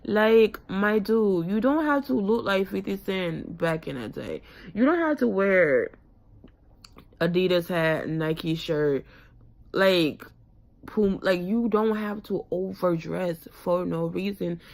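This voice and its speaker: A woman's voice: on the low side, lively intonation, takes it slowly, gravelly. A young woman from West Africa chatting casually to camera in a frank, rambling vlog with slang and fillers. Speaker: vlogger.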